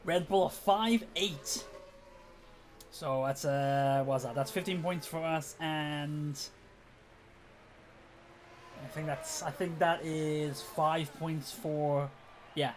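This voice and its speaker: A man's voice: a little high, steady tone, slow, long pauses, a little hiss or hum. A man streaming a racing management game, chatting casually and thinking aloud with restarts and chuckles. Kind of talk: casual gameplay commentary.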